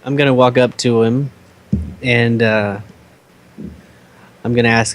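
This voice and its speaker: A man playing a tabletop game, describing his actions in an unhurried, giggly way. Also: medium pitch, steady tone. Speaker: player.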